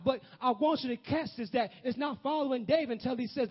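A man preaching a sermon, questioning the congregation and rising to shouts. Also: very high-pitched, fast, few pauses, slightly rough, lo-fi sound.

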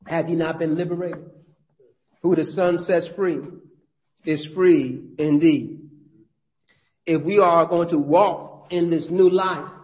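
A male pastor preaching a sermon in a conversational, folksy way, with frequent restarts. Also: sits high. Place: church. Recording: dull lo-fi church audio.

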